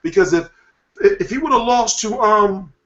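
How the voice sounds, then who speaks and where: A man hosting a boxing talk show, giving a rambling, profane, animated rant in casual commentary. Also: sits high, measured pace. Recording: echoey room, dull lo-fi sound.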